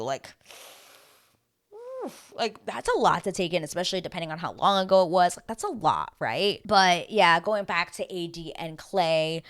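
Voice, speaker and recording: A woman giving a casual, chatty recap of a reality show, talking animatedly and filling her sentences with "like.". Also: moderate pace. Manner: animated, heavy use of "like", dramatic swings in pitch and loudness.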